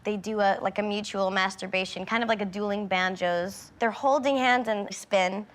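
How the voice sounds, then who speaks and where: A woman speaks at an ordinary pitch as she plays a member of a family act. She describes outrageous things in a flat, matter-of-fact way. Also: normal speed. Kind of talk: telling a joke in character.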